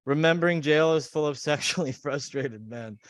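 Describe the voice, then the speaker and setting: A man's voice: a little high, normal speed, dry recording, studio quality. A man hosting a podcast, reading memes aloud in casual, mocking chat. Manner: sarcastic, mocking. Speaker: podcast host.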